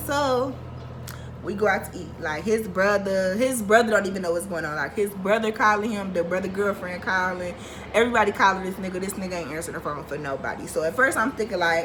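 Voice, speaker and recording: A young woman vlogger telling a storytime, animated, profane and venting. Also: medium pitch, fairly quick, background noise. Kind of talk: storytime vlog.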